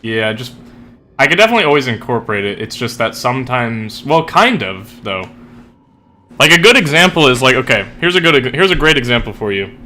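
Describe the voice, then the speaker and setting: Young male streamer, crisp tense tone, loose rambling chat, heavy fillers. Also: medium pitch, very animated, brisk, pushed and bright, slight background noise. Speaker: streamer and writer. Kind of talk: casual chat while gaming.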